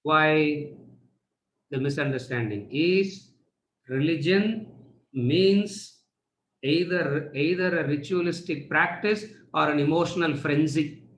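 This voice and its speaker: A man's voice: fairly high pitch, takes it slowly, fairly bright tone, slight background noise. A man teaching a class, repeating rhetorical questions and then answering them himself. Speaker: spiritual teacher. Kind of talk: lecture to students. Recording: echoey room.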